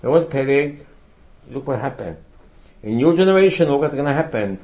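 A man's voice: medium pitch, animated, brisk, a little mellow, low-quality recording. A man teaching a religious class, asking rhetorical questions and quoting Hebrew sources with emphasis. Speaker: rabbi teaching a Torah class. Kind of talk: religious lecture.

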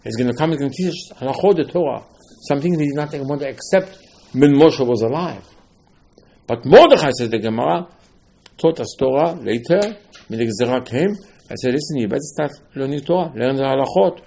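A man teaching a Torah class, telling the stories with lively acted-out dialogue and sudden swings between loud outbursts and quiet asides. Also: mid-range voice, a little fast, creaky, slight background noise.

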